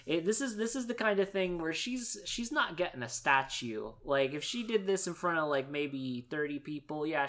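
A man co-hosting a podcast, recapping a cartoon in animated, emphatic casual chat with frequent restarts. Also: on the high side. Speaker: podcast co-host.

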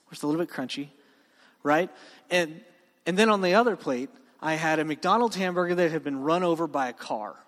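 A man preaching a sermon to students in a casual, joking way. He often asks "right?" and slows down to stress key words. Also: fairly high pitch, a bit bright. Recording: long reverb of a hall.

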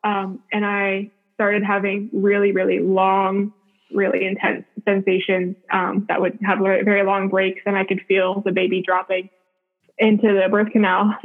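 A woman telling a personal story in casual chat, full of "like" fillers and frequent laughs. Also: mid-range voice. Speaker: podcast guest. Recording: tinny phone-like line.

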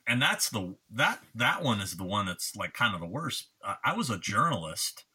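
A low-pitched man with a very bright, forceful tone tells stories in a casual chat. He talks in an animated, profane way and mixes in fillers as he goes. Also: moderate pace, husky. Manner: profane, animated anecdote telling. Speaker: guest. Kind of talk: casual storytelling.

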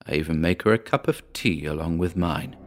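Man, very low voice, horror story narrator, measured and somber. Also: a little hiss or hum. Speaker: audiobook narrator.

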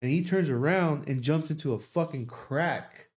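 A man's voice: fairly high pitch, moderate pace. A young man in casual podcast talk, rambling through a long story with lots of swearing. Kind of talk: casual chat.

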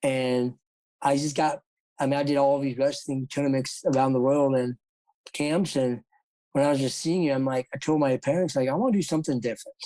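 A man's voice: mid-range voice, steady tone, moderate pace, warm tone, no echo, poor audio. A man from South Dakota, a former jockey, telling his story as an interview guest in a rambling way with frequent laughs. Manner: rambling, laughs often, acts out quoted voices.

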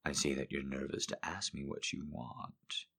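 A man reading out listener quotes as a slow, teasing, dominant lover in a hushed voice. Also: rumbling low, little pitch movement, vocal fry, breathy edge, pitched below the performer's own voice, heavily acted. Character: low-voiced seductive dominant male lover.

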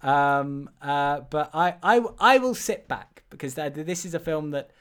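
A man hosting a casual film podcast, animated and stumbling over his words, swearing often. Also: a little high, measured pace, smooth. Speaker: podcast host.

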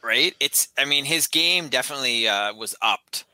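A male co-host answers in a laid-back, wry way. His tone is very sharp and bright, and his pitch moves a lot. The sound is dry and close to the mic. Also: animated, moderate pace, dry recording, rough recording. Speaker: podcast co-host. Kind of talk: casual chat.

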